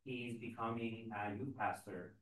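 A man's voice: on the low side, fairly even intonation, a little slow, fairly bright tone. A man in a church group sharing a story in casual, hesitant talk. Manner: hesitant, conversational. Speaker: group member. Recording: echoey room, far from mic.

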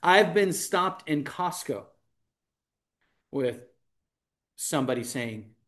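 A man with a medium-pitched, expressive voice speaks slowly and pauses often. He leads a Bible study group, telling anecdotes in casual talk and acting out what people said as he tells them.

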